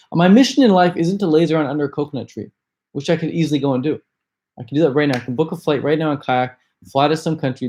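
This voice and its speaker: A man's voice: medium pitch, a little mellow. A man hosting a casual livestream Q&A, talking in a laid-back, slangy, enthusiastic way. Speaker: livestream host.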